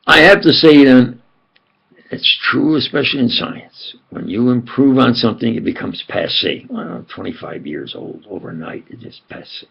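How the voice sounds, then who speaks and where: An older man with a New York accent talks in an emphatic, digressive monologue, circling back and repeating himself. His voice is gravelly and raspy, sitting a little high. The home recording sounds dull and lo-fi. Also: moderate pace. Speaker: self-styled scientist and preacher. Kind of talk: rambling monologue.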